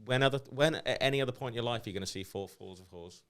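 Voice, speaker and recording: A man with a smooth, clear voice banters on a podcast. He trades crude jokes in an offhand, casual way. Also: mid-range voice, rapid-fire. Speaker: podcast co-host or guest. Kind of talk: casual chat.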